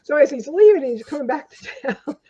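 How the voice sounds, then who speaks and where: A woman's voice: sits high, expressive, brisk, dark tone. An older woman, a guest in an interview, telling rambling stories with lots of fillers. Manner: rambling anecdotes with many fillers. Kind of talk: casual storytelling interview. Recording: dull lo-fi audio.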